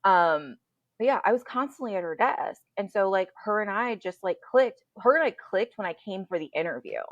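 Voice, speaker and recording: A woman hosting a podcast from home over a computer call, telling stories in a candid, animated way and swearing freely. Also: mid-range voice, moderate pace, no echo, dull audio. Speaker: podcast host. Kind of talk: casual chat. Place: home, indoors. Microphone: computer mic on a video call.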